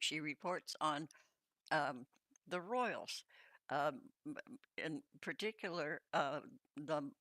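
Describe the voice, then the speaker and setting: Stream host: Southern Californian woman, low-ish voice, bright tone, unhurried rambling chat. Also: dry recording, studio quality. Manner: rambling, chatty, many fillers. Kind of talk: casual livestream chat.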